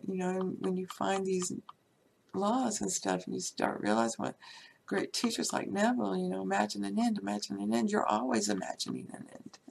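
A woman's voice: mid-range voice, gravelly, a little hiss or hum. A woman telling a rambling, chatty personal story, full of "you know".

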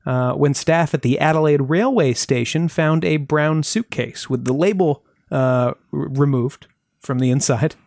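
Brief: podcast storyteller, average pitch, deadpan asides, dry studio sound. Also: vocal fry, no room sound. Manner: wry, dry asides with filler pauses. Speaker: podcast host. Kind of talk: casual chat, telling a true-crime case.

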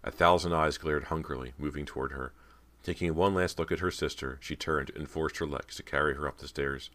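Very deep-voiced male audiobook narrator. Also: steady tone, fairly quick, fairly bright tone.

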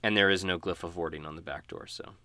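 A man narrating and running a tabletop game as game master in a relaxed, casual way. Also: sits low, fast, clear, resonant tone, dry recording.

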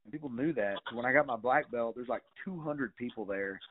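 Middle-aged man, casual storytelling, loose rambling delivery with swearing, mid-pitched voice, thin phone-like sound. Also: fairly quick, husky. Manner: rambling, with many fillers and swearing. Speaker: guest.

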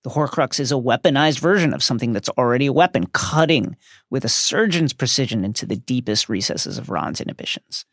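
A man co-hosting a podcast, reading a prepared essay about a novel with emphatic, animated delivery. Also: mid-range voice, a little fast, gravelly, no room sound, studio quality. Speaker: podcast co-host.

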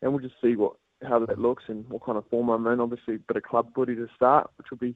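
A young man from New Zealand with a New Zealand accent, calling in to a radio show for casual chat, relaxed and laughing along. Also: mid-range voice, fast talker, no room sound. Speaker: guest on the phone. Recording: tinny phone line.

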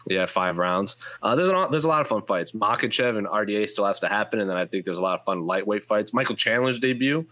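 A man's voice: lowish voice, animated, fast, few pauses, bright, forceful tone. A man hosting a fight-sports podcast, rambling through lists of matchups with lots of fillers in casual chat. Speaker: MMA podcast host. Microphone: headphones and studio mic.

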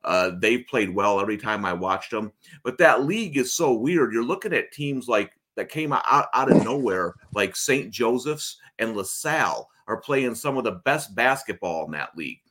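A man's voice: mid-range voice, expressive, normal speed, few pauses, fairly bright tone. A man hosting a sports betting livestream, chatting casually over a video call and rambling with frequent restarts. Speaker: sports betting show host.

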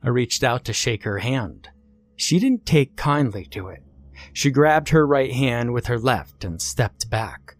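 A man telling a first-person horror story, expressive and acting out the dialogue. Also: mid-range voice, measured pace.

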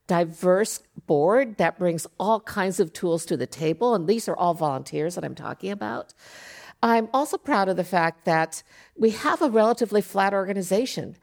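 A middle-aged woman speaks on a panel at a middle pitch, with a gravelly, creaky edge to her voice. She leads an arts organization and talks earnestly and at a measured pace, with fillers along the way. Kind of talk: panel discussion.

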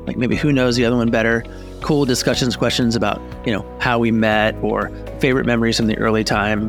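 A man hosting a podcast, reading a relaxed, chatty sponsor message with fillers. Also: mid-range voice. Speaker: podcast host. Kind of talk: ad read, casual chat.

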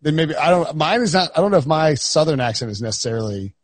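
A man's voice: a little high, animated, quick pace, no echo. A man hosting a sports podcast in casual, joking chat that rambles with restarts. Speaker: podcast host.

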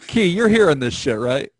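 Joking young male podcast host. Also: on the high side. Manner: joking, crude, rambling. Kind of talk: casual podcast chat. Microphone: remote call.

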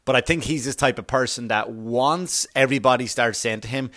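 Brief: a man in the middle pitch range hosting a podcast, ranting bluntly with plenty of swearing. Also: brisk, hardly any pauses, sharp tone. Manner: blunt, profane, opinionated ranting. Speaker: podcast host. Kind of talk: casual podcast monologue.

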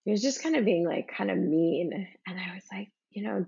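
A woman in her thirties, a podcast guest telling a personal story in a reflective, halting way with many fillers. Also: mid-range voice, vocal fry, dark tone, husky. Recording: dull lo-fi recording.

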